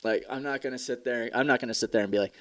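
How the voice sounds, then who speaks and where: A man's voice: mid-range voice, rapid-fire, a bit bright, dry recording, clean studio sound. A man hosting his own podcast, talking candidly and profanely in a rambling, casual way, with mock commercial voices thrown in. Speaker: podcast host. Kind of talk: casual solo podcast talk.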